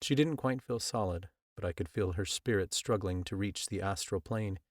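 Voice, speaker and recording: A man with a low voice reads a first-person audiobook in a measured, earnest way. The recording is close and very dry, with no room sound at all. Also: dry recording. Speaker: audiobook narrator. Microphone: close studio mic.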